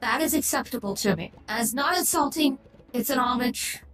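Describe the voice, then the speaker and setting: A woman's voice: on the high side, animated, moderate pace, a bit bright. A woman streamer chatting casually on a livestream, rambling and opinionated, often restarting her sentences. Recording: echoey room with clear background noise.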